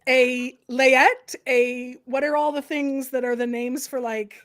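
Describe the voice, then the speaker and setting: A woman host chatting casually on a livestream, animated and opinionated, tossing in "like" and "right?" often. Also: high-pitched, slow. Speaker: host, professor and counsellor.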